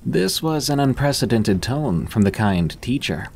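A man reading first-person horror stories aloud as scripted narration, in a steady, measured delivery. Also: mid-range voice, gravelly, a little hiss or hum.

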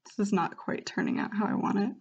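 A woman's voice: medium pitch, fairly even intonation, fast, gravelly, slightly rough, dull audio. A woman chatting casually and self-deprecatingly, rambling between attempts at character voices. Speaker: voice hobbyist. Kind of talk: casual vlog commentary.

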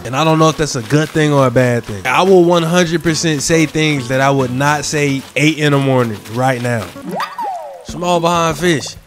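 A man's voice: a little high, fairly bright tone. A sleepy young man doing late-night let's-play commentary, goofy and rambling from one topic to the next. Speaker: gaming YouTuber.

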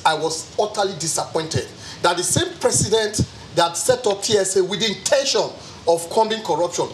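A Nigerian man's high voice comes through poor audio with a little hiss or hum. He is an analyst guest on a TV studio panel, speaking with impassioned intensity as his voice climbs.

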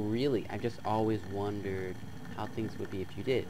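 A man playing a chat game on his channel, reading the messages aloud in a flat tone and breaking into loud, excited outbursts. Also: on the low side, a little fast, hardly any pauses, over loud music. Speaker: gaming YouTuber. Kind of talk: let's play commentary, reading chat aloud.

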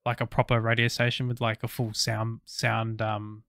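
Bright, crisp-voiced Australian man chatting. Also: medium pitch, monotone, moderate pace, dry recording. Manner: rambling, swears casually, lots of fillers. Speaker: podcast co-host. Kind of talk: casual chat.

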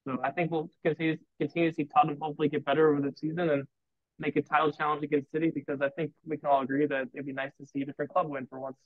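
A man's voice: on the high side, flat delivery, very fast, no echo. A man on a chat panel, arguing his football opinion at length. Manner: reasoned, argues a point at length. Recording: tinny phone-like line.

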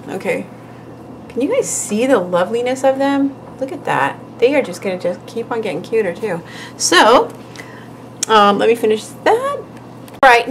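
A woman's voice: fairly high pitch, a bit bright, low-quality recording. Chatty giggly woman talking through her nail art, faint room hum behind. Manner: chatty, giggly, talks while working. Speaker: nail art tutorial host. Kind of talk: casual tutorial narration.

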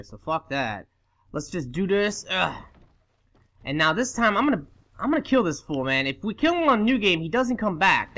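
A man giving casual commentary over his own gameplay, swearing constantly and breaking into frustrated shouts and laughs. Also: a little high. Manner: laughs and shouts in sudden outbursts. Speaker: let's play commentator.

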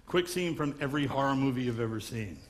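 A man's voice: medium pitch, animated, quick pace, very noisy. A man from Long Island doing a stand-up comedy magic act, wisecracking patter on stage before a live audience. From Long Island, New York.

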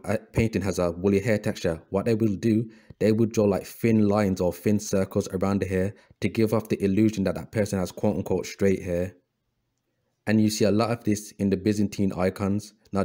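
With a fairly low, warm voice, a man narrates a history video over images, sounding preachy as he addresses listeners as brothers. Repetition runs through his delivery, along with frequent fillers and restarts.

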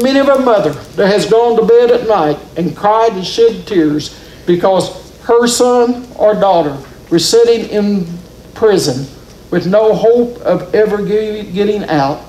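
A man's voice: sits high, lively intonation, measured pace, warm tone, slight background noise. A man preaching a sermon in a church, telling the story with rising and falling emphasis. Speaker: pastor. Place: church sanctuary. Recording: roomy church echo.

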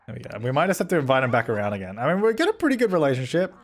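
A man hosts a gaming video with excitable let's play commentary, speaking quickly in a mid-range voice. He frets aloud and talks directly at the characters on screen.

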